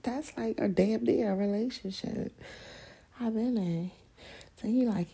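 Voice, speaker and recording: A woman's voice: fairly high pitch, unhurried, warm tone, slightly rough. A woman hosting a podcast, rambling through a personal story in a candid, profane, casual monologue and laughing often. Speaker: podcast host.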